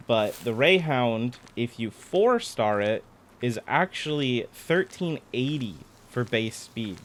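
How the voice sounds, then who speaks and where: A man's voice: mid-range voice, a little hiss or hum. A man giving casual gameplay commentary, chatty and explaining things step by step as he plays. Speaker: gaming content creator.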